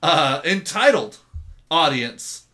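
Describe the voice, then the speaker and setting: A man co-hosting a sports podcast, ranting bluntly and sounding exasperated. His voice is high for a man and bright in tone. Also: sing-song, slow pace. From San Diego area. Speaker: podcast co-host. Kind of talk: casual sports chat.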